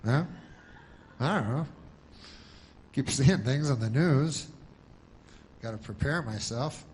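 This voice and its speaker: Dry, deadpan male stand-up comedian. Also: medium pitch, slow pace, a little hiss or hum.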